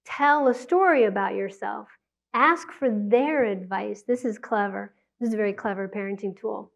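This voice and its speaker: A woman's voice: mid-range voice, normal speed, vocal fry. A woman giving a conversational public talk on parenting, acting out quotes from parents and children. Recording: dull lo-fi sound.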